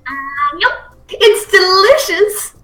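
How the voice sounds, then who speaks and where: Bright, lively young-sounding woman. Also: very high voice, slow, faint music behind. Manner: giggly, excitable, playful. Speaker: co-player reading character lines. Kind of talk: playful game reading with voices.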